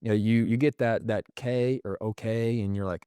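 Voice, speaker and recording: A man's voice: lowish voice, steady tone, normal speed, warm tone, clean tone, no echo, studio quality. A man on a podcast as a guest, explaining communication habits through everyday examples and acting out the lines people say. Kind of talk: conversational explanation.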